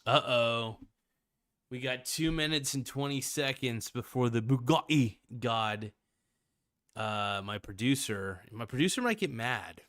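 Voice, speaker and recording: Man, finance livestream host, casual slangy ramble, medium pitch. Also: measured pace, a bit bright, dry recording, clean studio sound. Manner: loose, slangy, rambling with restarts.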